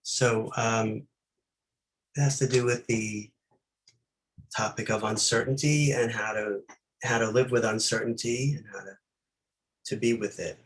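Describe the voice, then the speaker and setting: A man leading a meditation talk, reflective and unhurried, posing many gentle questions with pauses between them. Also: lowish voice, steady tone, low-quality recording. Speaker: meditation teacher.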